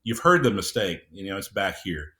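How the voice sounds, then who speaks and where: A middle-aged man with a low, deep voice speaks as a podcast guest. He talks at an unhurried, measured pace and fills his pauses with "uh"s and small restarts. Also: big pitch swings, bright, forceful tone. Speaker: audiobook producer, guest. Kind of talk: casual interview chat.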